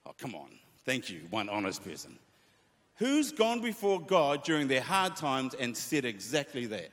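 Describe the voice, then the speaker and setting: Animated preacher in a reverberant hall. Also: male voice, medium pitch, moderate pace. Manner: animated preaching, reads scripture aloud with feeling. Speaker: pastor. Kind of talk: sermon to worship leaders.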